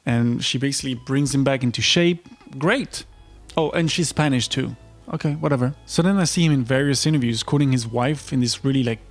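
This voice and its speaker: A man giving vlog commentary in a wry, incredulous way, with quick asides. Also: medium pitch. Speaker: online commentator.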